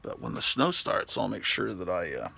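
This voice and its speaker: A hoarse man, rambling in mock-showman vlog chat and repeating "ladies and gentlemen" as he films at home. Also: deep voice, very animated, normal speed. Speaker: vlog host. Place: home, indoors.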